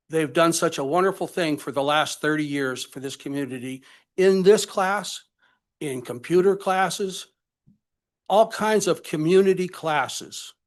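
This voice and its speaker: An older man with a fairly high-pitched voice addresses a college budget meeting during public comment, his words halting and charged with emotion.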